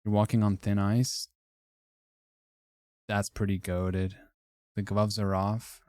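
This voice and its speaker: Wry, low-voiced young male streamer. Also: level tone, slow, a little mellow, no echo, clean studio sound. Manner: offhand, wry, swears and laughs often. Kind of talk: casual livestream commentary ranking phrases.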